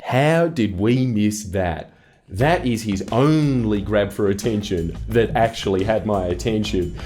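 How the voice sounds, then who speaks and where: A man's voice: on the low side, a little slow, over music. A man presenting a scripted comedic commentary video in a sarcastic, mocking tone. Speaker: online video creator.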